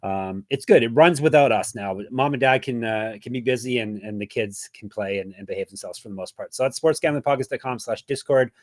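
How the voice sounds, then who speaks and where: A man's voice: mid-range voice, brisk, hardly any pauses, no room sound, studio quality. A man hosting a sports betting podcast, chatting casually, joking and plugging links. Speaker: podcast host.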